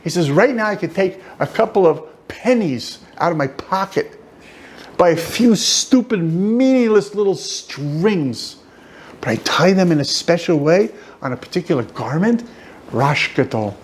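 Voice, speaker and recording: A man teaching an informal class as a rabbi, an animated storyteller who jokes and goes off on asides. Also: fairly high pitch, normal speed. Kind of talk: informal lecture. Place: study hall.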